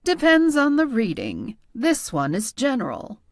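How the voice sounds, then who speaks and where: Audiobook role: woman voicing a wise, patient tarot reader, calm and teasing, lively pitch, dry close sound. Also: a little slow, no echo, full character voice. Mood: instructive. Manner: calm, knowing, lightly teasing. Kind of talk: audiobook character voice.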